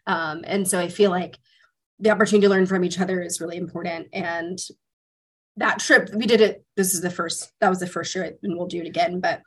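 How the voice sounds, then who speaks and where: A woman's voice: lowish voice, steady tone, fairly quick, husky. A woman guest on a podcast, chatting casually and telling stories, with many fillers and free swearing. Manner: chatty, storytelling, filler-heavy, swears freely. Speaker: podcast guest, cycling community organizer. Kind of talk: casual conversation.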